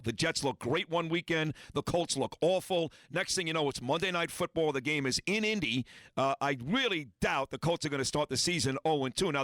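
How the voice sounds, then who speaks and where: A man's voice: a little high, a bit bright, no echo. A man hosting a morning sports talk radio show, bantering with strong opinions.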